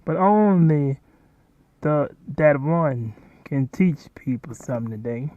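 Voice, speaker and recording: A man's voice: a little high, animated, slow pace, dry recording. A man hosting, rambling and commenting casually over a video he is playing, often repeating himself. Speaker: host. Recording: dull, lo-fi home recording.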